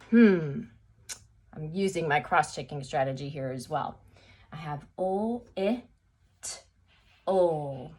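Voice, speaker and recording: Lower-voiced woman teaching phonics. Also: husky. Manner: sing-song, encouraging, frequent okay checks. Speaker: second grade teacher. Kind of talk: phonics lesson to young children.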